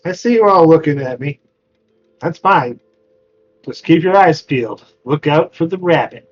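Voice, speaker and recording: Playful tabletop player, slightly high. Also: male voice, lively intonation, moderate pace, muffled recording. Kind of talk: casual tabletop game play.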